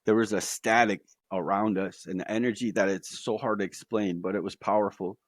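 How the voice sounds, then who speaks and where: A man guest on a podcast telling his own story in a casual, animated way, tossing in slang like "bro.". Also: on the low side, moderate pace, no room sound, clean studio sound.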